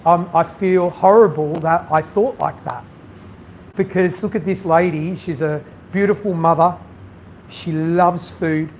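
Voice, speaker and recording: A man, a chef giving a masterclass, talking bluntly and animatedly to an audience and swearing freely. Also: high voice. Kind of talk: candid talk to an audience. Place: event venue with audience. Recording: slightly dull sound with faint noise.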